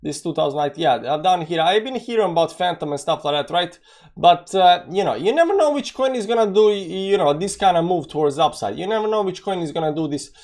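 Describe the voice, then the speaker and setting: A young man hosts a daily live stream in a loose, conversational way, greeting viewers by name as he talks. His speech is full of "you know" fillers and restarts. His voice sits somewhat higher than most men's. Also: expressive, fast talker, darkish tone. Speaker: crypto market show host. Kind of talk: live-stream market chat.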